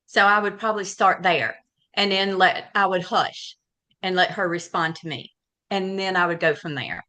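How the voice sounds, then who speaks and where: Calm friendly woman on a video call, bright clear voice. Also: mid-range voice, moderate pace. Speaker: sales consultant on a team call. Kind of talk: casual call, sharing a sales pitch.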